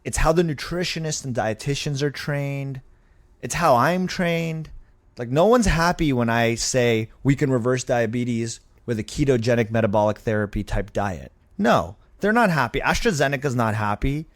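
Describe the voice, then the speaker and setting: A young adult man, a physician and guest, telling stories in a casual interview with animated, emphatic delivery. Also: medium pitch, normal speed. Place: medical clinic.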